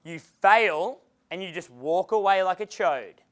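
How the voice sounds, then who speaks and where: High-voiced, energetic, profane male coach. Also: unhurried. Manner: energetic and profane, acting out quotes. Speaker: dating coach. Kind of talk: live seminar talk. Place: seminar room.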